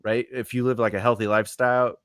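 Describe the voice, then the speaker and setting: A man's voice: mid-range voice, little pitch movement, fast talker, clear, resonant tone, no room sound. A man hosting a live stream, chatting casually, rambling with many fillers and frequent laughter. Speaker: host.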